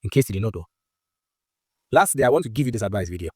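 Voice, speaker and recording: Guy scolding someone fast in a clip, dry close sound. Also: fairly low pitch, lively intonation, darkish tone, slightly rough, dry recording. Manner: lecturing, reproachful. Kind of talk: scolding video message.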